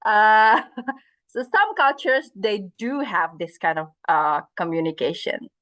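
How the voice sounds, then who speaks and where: On a video call, a woman teaches an online class with a medium-pitched, slightly bright voice that swings widely in pitch while she speaks slowly. She keeps things interactive, putting questions to her students and slipping Indonesian phrases into her lecture.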